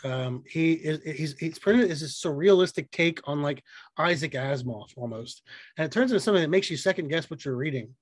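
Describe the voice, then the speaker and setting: A man's voice: a little high, expressive, fairly quick, no room sound. A young man co-hosting a podcast, rambling and joking in casual chat, swearing freely. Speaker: podcast co-host.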